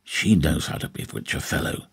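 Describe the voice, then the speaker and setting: A man voicing a conspiratorial military officer, speaking in a hushed, knowing manner in an audiobook. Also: low-pitched, sing-song, normal speed, husky, exaggerated voice.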